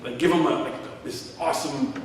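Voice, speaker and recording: A middle-aged man preaching a sermon, his voice pitched a little high and heard from some distance in a big echoing church hall. He tells stories with a laugh, slipping into quoted voices. The room's long reverb trails every phrase. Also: normal speed, a little hiss or hum. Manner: storytelling, acting out quotes, chuckling. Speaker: pastor. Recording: echoey hall from far off.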